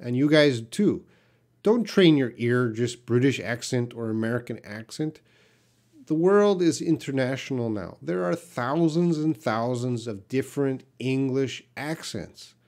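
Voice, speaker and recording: A man from Canada teaches English on a live stream, speaking at an ordinary middle pitch. He reads viewer questions aloud and answers plainly, sometimes with blunt emphasis. His voice is picked up by a computer mic. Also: animated, measured pace, darkish tone.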